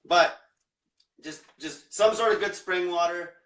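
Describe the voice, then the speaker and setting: A man's voice: high-pitched, unhurried, fairly bright tone, recorded from a distance. A man coaching viewers in a blunt, combative rant full of swearing. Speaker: diet coach. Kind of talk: profane motivational rant. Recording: echoey room, off-mic.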